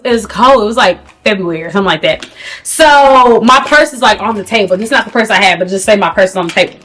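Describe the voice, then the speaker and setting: A young woman with a fairly high voice tells a storytime straight to her camera. She talks in a lively, slangy way and swings her pitch up and down. Faint music plays behind her. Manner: animated, slangy, talks to viewers as "girl". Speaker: beauty vlogger. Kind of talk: storytime vlog.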